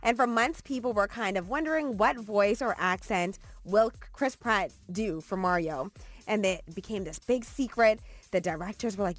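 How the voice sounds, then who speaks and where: A woman's voice: mid-range voice, lively intonation, normal speed, faint music behind. A woman presenting the trending entertainment segment on a morning TV show in an upbeat way. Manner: upbeat, reads tweets aloud with light laughs. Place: TV studio.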